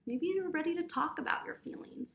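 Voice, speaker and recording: A young adult woman with a high voice, teaching children in a gentle, encouraging way. She talks straight to her young listeners, leading them through slow breathing exercises. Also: creaky, slight background noise. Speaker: preschool teacher.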